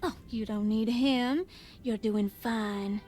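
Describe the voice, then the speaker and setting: A teasing game character. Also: female voice, a little high, takes it slowly, warm tone, faint music behind.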